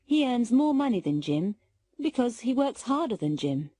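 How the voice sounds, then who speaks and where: British woman, textbook narration, careful reading, lively intonation, husky tone. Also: a little high, normal speed, dry recording.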